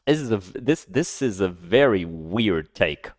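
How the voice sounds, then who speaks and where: A man with a lowish voice talks through a reaction in a casual, emphatic way. He piles up repeated words and restarts his sentences as he argues. The sound is close and dry, with no room around it. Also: very animated, a little slow, no echo. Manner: emphatic, repeats himself, stammers restarts when worked up. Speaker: streamer reacting to a video.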